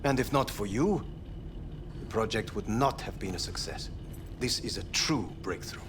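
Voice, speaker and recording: An actor playing a cold, clinical older male scientist in a video game, speaking in a measured, formal and detached way. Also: fairly low pitch, expressive, background noise, natural voice. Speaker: game character.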